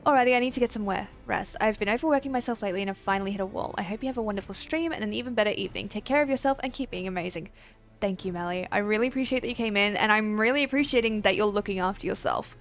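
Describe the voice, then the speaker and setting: A woman's voice: mid-range voice, fast talker. A young woman streaming a game, chatting casually and rambling with frequent giggles. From Australia. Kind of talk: casual livestream chat.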